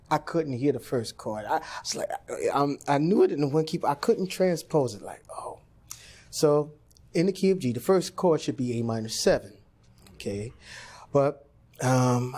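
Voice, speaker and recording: A man, a jazz pianist, telling a story in an interview and acting out the voices of the people in it. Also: medium pitch. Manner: animated storyteller, acts out quoted voices.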